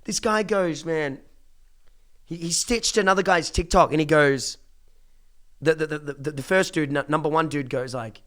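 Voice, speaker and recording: A man's voice: fairly high pitch, unhurried, fairly bright tone. A young man ranting casually to his livestream chat, blunt and profane, with many restarts. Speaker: streamer.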